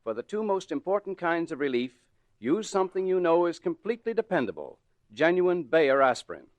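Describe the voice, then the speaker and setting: A man announcing and narrating in a smooth, persuasive 1940s radio style. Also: on the high side, very animated, brisk, no room sound.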